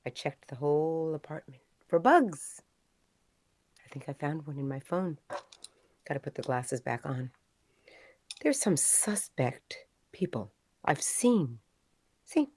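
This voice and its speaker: A low-voiced, paranoid secret agent, as a woman plays him in improv, clipped and suspicious, lurching from loud declarations to hushed whispers. The sound is dry and close, over a video call. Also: lively intonation, a little slow, long pauses, no echo. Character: paranoid secretive agent hunting a missing partner. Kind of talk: improv comedy character.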